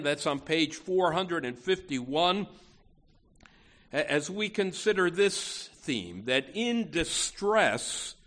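Slow, lively-voiced man preaching. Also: on the high side. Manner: earnest, emphatic preaching with frequent restarts. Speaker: pastor. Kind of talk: sermon.

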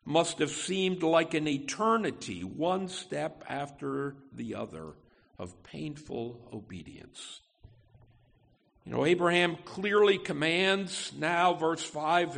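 A man preaching an expository sermon as pastor, slow and deliberate, pausing and correcting himself as he reads and explains scripture. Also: a little high, gravelly, fairly bright tone.

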